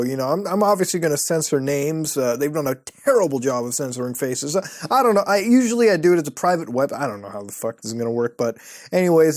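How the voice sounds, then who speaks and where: A man's voice: on the high side, darkish tone, no echo, studio quality. A man hosting an online show, giving sarcastic, profane commentary as he browses and mocks websites. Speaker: host.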